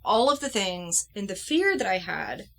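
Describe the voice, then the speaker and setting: A woman doll-collector vlogger telling a personal story at home in an earnest, heartfelt way, pausing and restarting as she goes. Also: medium pitch, big pitch swings, vocal fry.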